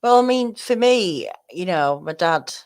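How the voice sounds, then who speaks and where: A woman's voice: on the low side, lively intonation, unhurried, darkish tone. A woman with a plain Northern English accent hosting a casual conversation, talking hesitantly with many restarts. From northern England. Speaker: host.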